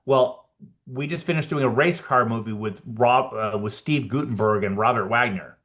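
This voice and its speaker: A man, a production designer guest on a podcast, telling animated anecdotes and acting out both sides of his conversations. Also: medium pitch, normal speed, highs cut off. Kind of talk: casual storytelling interview.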